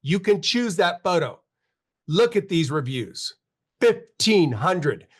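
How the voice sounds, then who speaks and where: This is a man in his fifties with a notably high-pitched voice, hosting a live webinar. He talks in an emphatic, repetitive way, hammering home his points like a coach pushing a team. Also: big pitch swings, slow pace, husky. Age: 50s. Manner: emphatic, repetitive motivational urging. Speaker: marketing webinar host. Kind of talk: live webinar pep talk.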